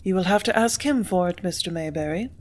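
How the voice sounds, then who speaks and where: A woman reading a story, voicing a composed young office woman who answers quietly and firmly. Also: fairly low pitch, expressive, a little fast, close to an everyday voice. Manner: quiet, cool, tart.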